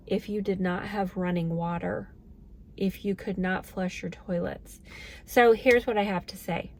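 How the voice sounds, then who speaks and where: A woman's voice: medium pitch, steady tone, unhurried, creaky, a little hiss or hum. A middle-aged woman vlogging in a casual, earnest, heartfelt way to her viewers. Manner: earnest, heartfelt, emotional at moments. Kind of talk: casual talk to camera.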